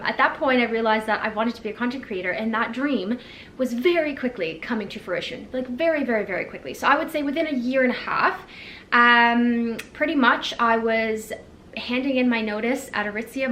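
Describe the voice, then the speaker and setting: A vlogger in her twenties talks candidly to the camera in a casual vlog, reflective and sprinkled with fillers. Her voice is on the high side with a fairly bright tone. The audio is echoey with faint background noise.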